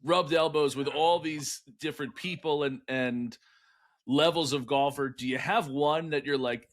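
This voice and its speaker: Higher-voiced podcast host asking questions. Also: male voice, moderate pace. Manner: rambling, repeats himself while asking. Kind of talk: casual interview questions.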